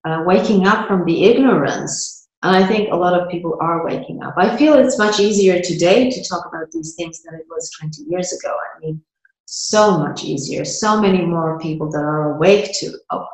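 A middle-aged woman speaking gently and reflectively as an interview guest, at times guiding a slow meditation. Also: lowish voice. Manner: calm, gentle, slow-spoken. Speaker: guest, spiritual writer and speaker. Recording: roomy echo.

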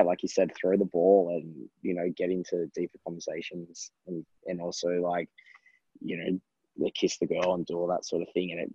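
A man with a very deep, husky voice talks hesitantly through a coaching chat. He restarts often and laughs easily. The sound is dull and muffled, with a dry room. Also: a little mellow, no echo. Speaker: coaching client. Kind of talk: casual chat.

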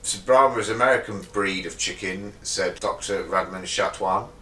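A man's voice: low-pitched, moderate pace, pushed and bright, slight background noise. A man, a podcast co-host, reading odd news stories aloud in casual chat. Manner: reads stories aloud, breaks into giggles. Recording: echoey room, slightly distant mic.

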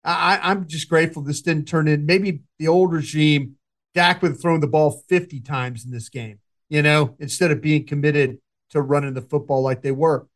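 Rambling middle-pitched football talker. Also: male voice, fairly even intonation. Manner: rambling, halting, many restarts and fillers. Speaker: podcast co-host, football analyst. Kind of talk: casual sports talk.

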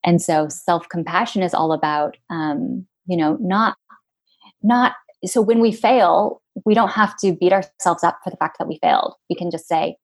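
A woman's voice: on the low side, normal speed. A woman guest in an interview, talking in a reflective, casual way with many fillers.

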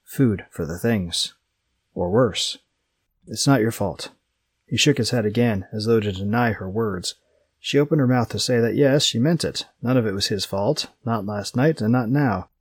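A man reading a story aloud as an audiobook narrator, steady and measured. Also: lowish voice, breathy edge, no echo. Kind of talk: scripted narration.

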